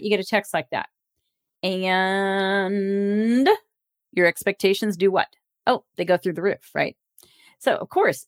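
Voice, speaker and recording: A woman hosting a solo podcast as a relationship coach, speaking candidly about her own life in a loose, conversational way with casual swearing. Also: medium pitch. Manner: candid, self-disclosing, casually profane.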